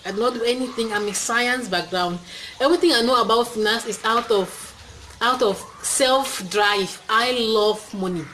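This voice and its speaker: A young woman with a Cameroonian accent talks straight to camera in a loose, upbeat vlog. Her voice sits a little high, and she rambles along with plenty of fillers. A faint background hum runs underneath. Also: moderate pace, a bit bright, low-quality recording. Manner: chatty, upbeat, many fillers. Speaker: channel host. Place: indoors, talking to camera.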